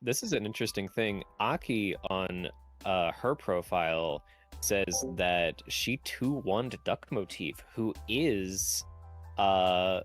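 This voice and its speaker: A man's voice: low-pitched, lively intonation, slow pace, fairly bright tone, soft background music. A man doing casual esports commentary, rambling and self-deprecating, often laughing as he talks. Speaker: tournament commentator.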